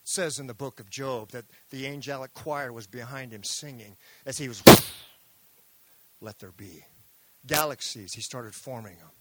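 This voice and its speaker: A middle-aged man preaching a sermon, moving between hushed, intimate lines and loud, fervent emphasis. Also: medium pitch, moderate pace, heavy background noise.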